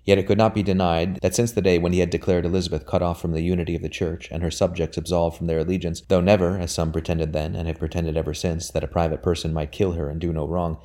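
A man narrating a novel chapter as an audiobook in a measured, steady way. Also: low voice.

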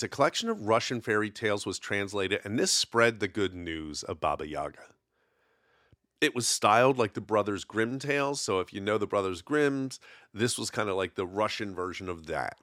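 A man's voice: lowish voice, a bit bright, no room sound, studio quality. A man hosting a casual solo podcast, telling folklore in a rambling, conversational way with lots of fillers. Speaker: podcast host.

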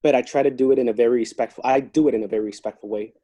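Man, corrections officer type, laid-back chatty storyteller, husky warm tone, dry close sound. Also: mid-range voice, racing, no echo, highs cut off. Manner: relaxed, chatty, talks through work stories. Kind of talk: casual interview storytelling.

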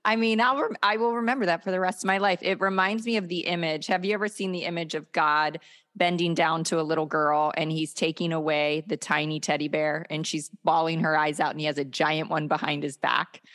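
A woman's voice: low-pitched, fairly even intonation, a little fast, a bit bright. A woman hosting a podcast, effusive and grateful as she wraps up. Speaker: podcast host. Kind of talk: podcast interview.

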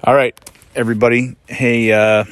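A man's voice: mid-range voice, flat delivery, moderate pace, dry recording. A man hosting a casual podcast from a campsite, rambling and joking about life on the road. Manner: joking, self-mocking, scolds his dog. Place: outdoors at a campsite in a state park.

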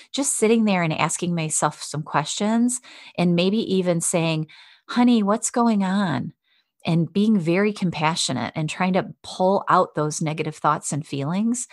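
Encouraging woman with a low, dry voice. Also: dry recording. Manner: warm, encouraging, speaks to the listener directly. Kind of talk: self-help podcast talk.

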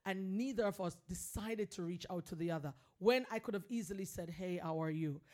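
A woman's voice: on the low side, brisk, a little mellow. A woman hosting a podcast who talks earnestly and emphatically, urging her listeners to reach out to others. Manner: earnest, emphatic, preachy encouragement. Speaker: podcast host. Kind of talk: heartfelt motivational podcast talk.

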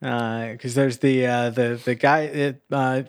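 A man co-hosting a podcast, explaining a film's plot in a halting, filler-laden casual way. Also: medium pitch, level tone, clean tone, no echo, clean studio sound. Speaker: podcast co-host. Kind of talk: casual movie review chat.

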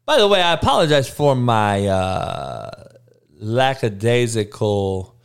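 A man's voice: mid-range voice, creaky, smooth. Hungover male stream host, sluggish and profane, clean resonant voice. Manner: crude, blunt trash talk with frequent swearing; slow, monotone delivery. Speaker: live-stream host reading chat. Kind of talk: casual profane live-stream chat.

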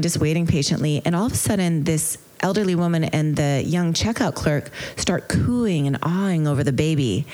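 A woman giving a retreat lecture on mindfulness as its teacher, telling a story in an earnest, reflective way with gentle hesitations. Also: lowish voice.

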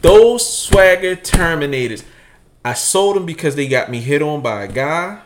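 Animated young man telling stories. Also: on the high side, moderate pace, a little hiss or hum. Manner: animated storyteller, acts out voices; profane, slangy. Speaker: podcast co-host. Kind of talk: casual chat.

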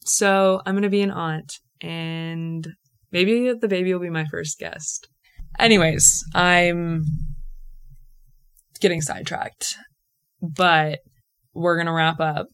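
A woman's voice: lowish voice, fairly even intonation, takes it slowly, pauses often, fairly bright tone, smooth. A young woman hosting a podcast, telling a personal story in a chatty, emotional way full of "like" fillers. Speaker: podcast host. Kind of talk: casual solo storytelling.

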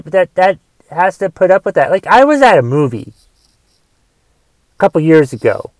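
A man's voice: sits high, clear, resonant tone, no room sound. A man delivering a solo rant, exasperated and swearing often as he talks. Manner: profane, exasperated ranting with restarts.

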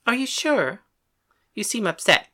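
A woman's voice: mid-range voice, big pitch swings, a little slow, bright, forceful tone, full character voice. A woman voicing a small, earnest young gunslinger who is eager and insistent, in a storybook reading.

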